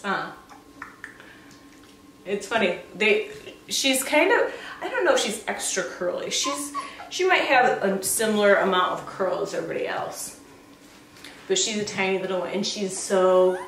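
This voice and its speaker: A woman breeder chatting casually as she shows a litter of puppies, often cooing at them in a high baby-talk voice. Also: slight background noise. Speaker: dog breeder showing a puppy litter. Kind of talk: casual vlog chat. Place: indoor room with the puppies. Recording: roomy, distant camera sound.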